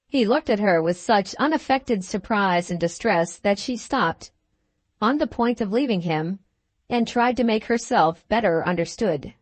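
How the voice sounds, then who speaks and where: A woman's voice: medium pitch, expressive, measured pace, dry recording. Woman narrating a classic novel. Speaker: audiobook narrator.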